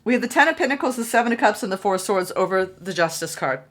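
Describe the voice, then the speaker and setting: A woman giving a solo tarot reading, excitable and gushing, repeating phrases for emphasis. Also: medium pitch, quick pace. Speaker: tarot reader.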